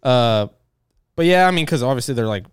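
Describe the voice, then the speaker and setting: A man in his thirties hosting a live chat, telling stories in a profane, animated way with frequent laughs. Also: mid-range voice, fairly quick, smooth, dry recording. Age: 30s. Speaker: podcast host. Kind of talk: casual chat.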